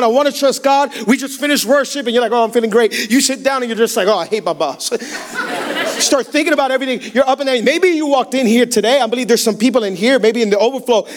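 In a church sanctuary, a young male pastor with a very high voice preaches a sermon. He's animated throughout, telling stories with humor and slipping into acted-out lines.

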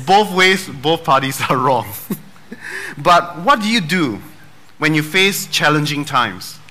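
A man preaches in an easygoing, joking way, with a bright, forward tone that sits a little high. He asks the room rhetorical questions, checks in with a quick "right?", and slips in puns along the way. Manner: casual and joking, with dad jokes and rhetorical questions. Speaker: pastor. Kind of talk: sermon.

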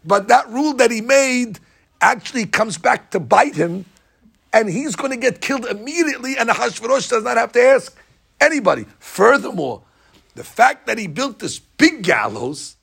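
Guy teaching a religious story, jokey and animated, gravelly voice. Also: very high-pitched, moderate pace. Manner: lively, jokey, acts out scenes.

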